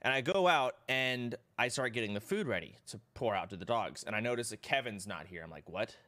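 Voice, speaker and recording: On a live stream, a man with a medium-pitched voice talks fairly quickly. He tells his chat a rambling, profane story in a casual, animated manner.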